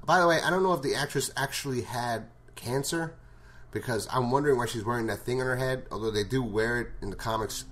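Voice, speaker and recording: A man's voice: medium pitch, fairly quick, a bit bright. A man giving a casual episode recap, blunt and full of swearing. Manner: blunt and profane. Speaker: show reviewer.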